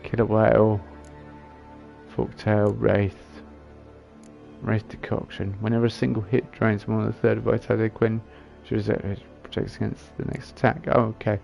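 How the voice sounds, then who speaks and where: A man with a fairly low, creaky voice speaks at a normal speed in a level tone, over dull-sounding audio with faint music behind him. He hosts a gaming channel and casually comments on a game he's playing, muttering and reading item descriptions aloud as he works things out.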